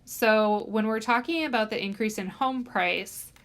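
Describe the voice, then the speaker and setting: A woman's voice: fairly high pitch, unhurried, fairly bright tone, soft background music. A woman instructor giving a recorded statistics lecture, explaining step by step with frequent "um" fillers and stressing key words.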